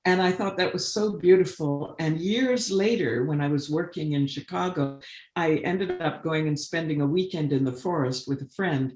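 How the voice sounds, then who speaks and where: A woman guest on a video call webinar, telling a long personal story with lively swings as she acts out what people said. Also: normal speed, reverberant. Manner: animated storyteller, acts out quoted voices with big pitch jumps. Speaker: guest, artist and conservationist.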